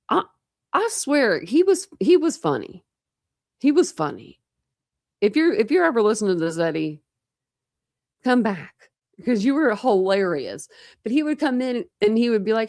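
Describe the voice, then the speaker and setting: A woman's voice: mid-range voice, very animated, moderate pace, long pauses, a little mellow, no room sound, clean studio sound. A woman hosting a true crime livestream, chatting casually with viewers in a rambling way. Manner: rambling and chatty, with many fillers and restarts.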